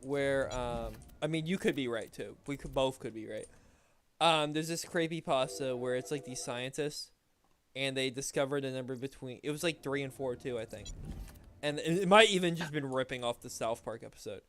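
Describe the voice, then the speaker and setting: A man's voice: mid-range voice, normal speed, a bit bright. A young man streaming a game, chatting casually in a rambling, laid-back way with lots of swearing and filler words. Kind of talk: casual chat while gaming.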